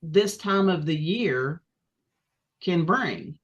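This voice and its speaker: A woman's voice: on the low side, lo-fi sound. Chatty woman podcast host. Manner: relaxed, many ums and pauses. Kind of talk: casual chat.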